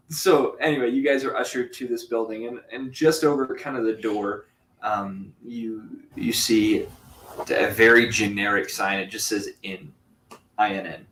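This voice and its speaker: A man narrating a tabletop game as game master, halting and full of ums and restarts. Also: medium pitch, a bit bright, slight background noise. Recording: roomy, distant mic with faint ambience.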